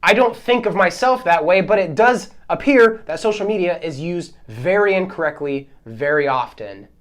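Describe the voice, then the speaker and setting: A man hosting a solo podcast, ranting in a heated, exasperated way, his voice swinging between loud outbursts and quieter asides. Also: high-pitched, animated, normal speed. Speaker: podcast host.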